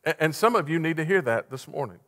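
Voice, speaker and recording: A man preaching a sermon, fervent one moment and hushed the next. His voice sits slightly high, and it rings out with a long reverb in a church sanctuary. He builds to urgent peaks, then drops to near a whisper. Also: expressive, fast talker. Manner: impassioned, swinging from loud urgency to hushed softness. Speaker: pastor.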